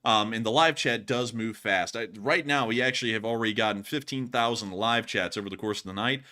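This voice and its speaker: A man's voice: fairly low pitch, fairly quick, pushed and bright. A man hosting a casual livestream news Q&A, rambling and repeating his thank-yous and sign-off lines.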